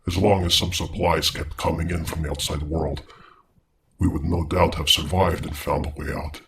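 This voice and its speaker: A man's voice: very deep voice, steady tone, normal speed, vocal fry, noisy background. A man voicing an erratic, vengeful male scientist in a horror audio story, using a put-on British accent. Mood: grave. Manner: grave, erratic, swings to frantic outbursts.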